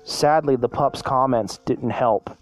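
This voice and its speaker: A man's voice: medium pitch, measured pace, faint music behind. A man reading a fan story aloud in a plain voice, sometimes stumbling and restarting.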